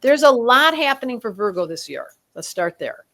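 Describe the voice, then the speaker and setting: A woman with a fairly high voice talks through a yearly astrology forecast in a loose, conversational way. She is animated and slips into quick quoted voices to act out each sign.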